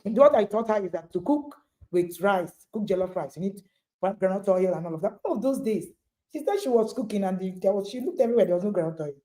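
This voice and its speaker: Talking fast, a middle-aged woman with a Nigerian accent delivers an emphatic, motivational message to parents. Her pitch rises and falls with lively energy, her tone mellow and warm, and she repeats key lines while speaking directly to listeners.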